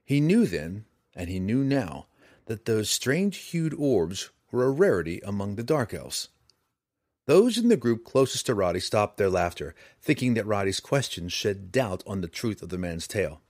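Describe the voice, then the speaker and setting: A man reading a fantasy novel aloud with dramatic, expressive narration. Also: fairly low pitch, normal speed, no room sound, studio quality. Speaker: audiobook narrator.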